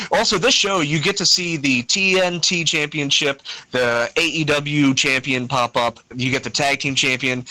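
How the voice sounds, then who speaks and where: A man's voice: fairly high pitch, bright, forceful tone, dry recording, rough recording. A man co-hosting a podcast, chatting enthusiastically and loosely about wrestling, swearing now and then. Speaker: podcast co-host. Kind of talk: casual wrestling review chat.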